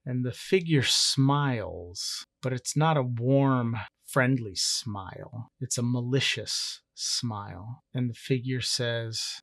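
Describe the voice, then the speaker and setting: Slow, dry-voiced man narrating a solo tabletop game. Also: medium pitch, fairly bright tone, no room sound. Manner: measured, storytelling, thinks aloud over rules. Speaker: solo game master and player.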